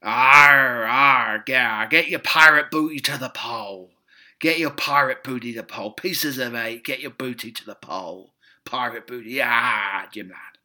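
A British man voicing a boisterous male pirate with drawn-out growls. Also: medium pitch, bright, forceful tone, close to an everyday voice.

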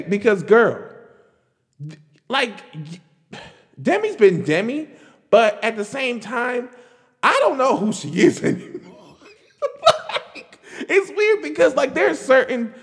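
A high-voiced man rants on his podcast, his pitch leaping up and down as he talks. He is chatty and animated, piling on fillers. His voice rings out with a long reverb behind it. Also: slow pace, pauses often. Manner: animated, chatty, lots of "like" and "girl", laughs while talking. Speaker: podcast host. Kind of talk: casual solo rant.

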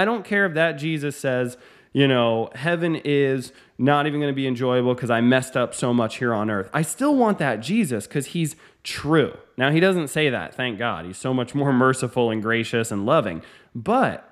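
Earnest man preaching with lively pitch. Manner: earnest, emphatic, shifts between fast asides and slow stressed lines. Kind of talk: sermon teaching.

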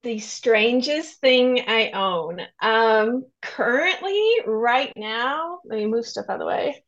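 A woman's voice: on the high side, lively intonation, takes it slowly, fairly bright tone, dull audio. A middle-aged woman from Kentucky with a Southern accent, chatting as a guest author on a podcast and laughing often. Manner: laughs often, self-deprecating. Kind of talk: casual podcast chat.

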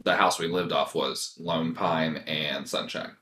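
A man's voice: extremely low pitch, steady tone, unhurried, pushed and bright, slight background noise. A man in casual podcast chat, telling a story with lots of "like" fillers and rambling restarts. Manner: rambling, heavy use of "like" fillers.

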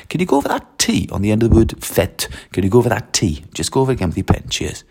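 Low husky man teaching French. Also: animated, rapid-fire, few pauses, a little mellow. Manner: instructing, repeated direct requests and tag questions. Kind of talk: classroom-style teaching walkthrough.

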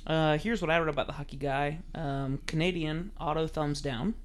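A man with a slightly high voice co-hosting a casual podcast. He reads his notes aloud and adds dry, sarcastic jokes. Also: steady tone, normal speed. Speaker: podcast co-host.

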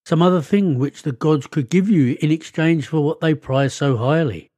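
A man voicing a sly, calm male trickster god in a read-aloud myth. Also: a little high, moderate pace, dry recording, natural voice.

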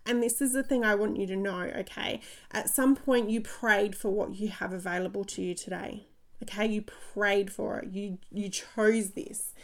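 A woman in her thirties talks straight to her listeners in a motivational podcast monologue. She tells her stories in an excited, chatty rush and laughs easily. Her voice has a gravelly fry running through it. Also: medium pitch. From Australia. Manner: energetic, chatty storytelling with frequent laughs. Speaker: podcast host and coach.

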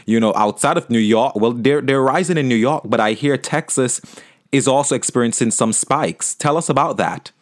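A man hosts a relaxed travel podcast interview, chatty and a little hesitant, dropping in fillers and light laughter. His voice sits at a middling pitch. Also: moderate pace. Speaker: podcast host and founder.

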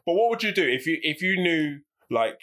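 Sweary podcast co-host. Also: male voice, a little high, big pitch swings, brisk, pushed and bright. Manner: blunt, sweary, acts out scenes. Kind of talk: casual podcast chat. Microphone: studio microphone.

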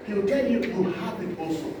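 A male preacher, delivering an impassioned sermon, acting out scenes and swinging from loud cries to low asides. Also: lively intonation, brisk. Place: church hall. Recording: echoey hall, distant mic, noisy.

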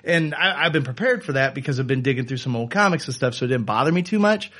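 A man co-hosting a casual podcast, reviewing a video game in quick bursts broken by fillers. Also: mid-range voice, lively intonation, pushed and bright. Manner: talks fast in bursts, many fillers. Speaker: podcast co-host. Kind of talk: casual chat.

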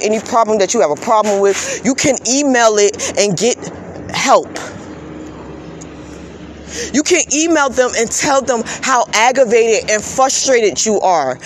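A woman's voice: fairly high pitch, slight background noise. Woman on a fervent, profane rant. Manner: profane, repetitive, rhetorical questions to viewers; fervent and preachy, prone to stammered restarts. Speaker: vlogger. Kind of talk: impassioned social media rant.

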